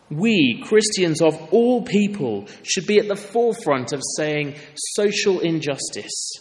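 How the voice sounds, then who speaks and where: Earnest preacher in a church hall. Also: male voice, fairly high pitch. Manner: earnest, conversational, emphatic. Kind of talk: sermon.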